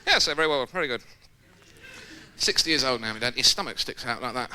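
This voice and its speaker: A man doing a live stand-up routine on a theatre stage, lively and jumping into quoted voices and shouts. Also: mid-range voice, fairly quick. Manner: animated, jumps into shouted impressions and quoted voices. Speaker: stand-up comedian. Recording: loud background noise, live theatre recording.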